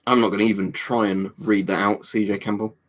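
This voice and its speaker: A man's voice: lowish voice, little pitch movement, a little fast. A man hosting a casual livestream, chatting loosely with his viewers. He rambles from point to point, swears freely and drops jokey asides as he answers comments. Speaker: livestream host.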